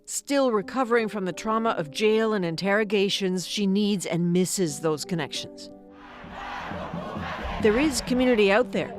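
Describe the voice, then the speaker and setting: A woman reading a news report voice-over in a measured, serious way. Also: mid-range voice. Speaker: news correspondent narrating. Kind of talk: scripted news narration. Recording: voice-over with music bed.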